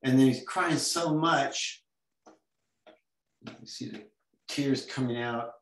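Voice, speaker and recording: A man's voice: medium pitch, slow, a bit bright, echoey room. Playful man teaching a comics class. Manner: playful, making silly sound effects while drawing. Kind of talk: online drawing lesson.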